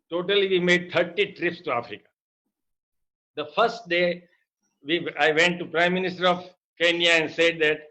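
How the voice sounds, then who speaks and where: Older man telling stories. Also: high-pitched. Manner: animated, repeats words while searching, quotes dialogue. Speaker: company chairman, interview guest. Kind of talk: conversational interview storytelling. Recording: dull lo-fi sound.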